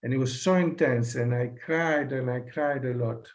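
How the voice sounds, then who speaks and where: A man in his sixties with an Italian accent, whose first language is Italian, telling a personal story at a satsang over a video call, halting and full of fillers and restarts. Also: mid-range voice. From Italy. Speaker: satsang guest.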